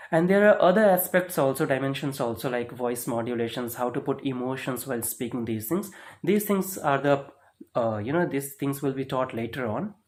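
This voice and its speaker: A man teaching a spoken lesson, explaining step by step and checking in with "right?" and "okay?". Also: fairly high pitch. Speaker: English speaking teacher.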